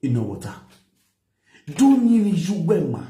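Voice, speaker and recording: A man's voice: high-pitched, wildly swooping pitch, slow pace, warm tone, echoey room. A man with a Nigerian accent, lecturing and scolding in a commentary, mixing pidgin with a local language. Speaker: social media commentator.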